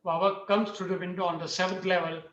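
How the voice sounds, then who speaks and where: A man's voice: high-pitched, flat delivery, quick pace, fairly bright tone. A man on a discussion panel, telling a story earnestly and often repeating his phrases. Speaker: panel speaker. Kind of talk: storytelling talk. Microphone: video call. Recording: roomy, distant, dull video-call audio.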